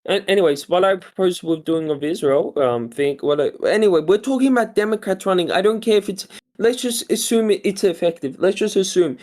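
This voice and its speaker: A debater in a heated online argument, stumbling over words and restarting sentences, quick to apologize. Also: mid-range voice, animated, darkish tone.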